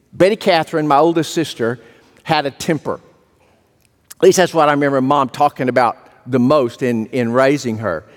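A male pastor preaches in a folksy, storytelling manner and often restarts on a repeated word. His voice sits somewhat high for a man, and a long reverb trails it through the church hall. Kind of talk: sermon.

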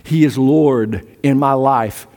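An older male pastor preaching a sermon, swinging from loud emphatic peaks to hushed low storytelling. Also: takes it slowly. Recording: long hall reverb.

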